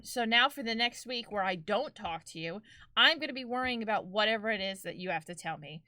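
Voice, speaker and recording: Chatty young woman streamer, bright voice. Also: on the high side, no echo, studio quality. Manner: chatty, storytelling, laughs often. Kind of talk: casual chat with live chat.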